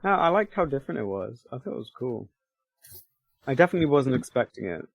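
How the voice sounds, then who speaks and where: A man's voice: mid-range voice, sing-song, quick pace, gravelly, dry recording, faint music behind. A man co-hosting a podcast in casual chat, reading out some of the quiz questions. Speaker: podcast co-host.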